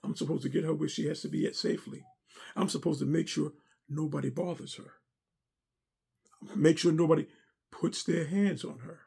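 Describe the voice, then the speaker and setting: A man's voice: fairly high pitch, fairly even intonation, moderate pace, vocal fry, pauses often, dark tone, breathy edge. A middle-aged man speaking earnestly and a little preacherly as he gives a personal testimony about serving as a pastor's driver and armor bearer. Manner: earnest, preacherly, repeats himself.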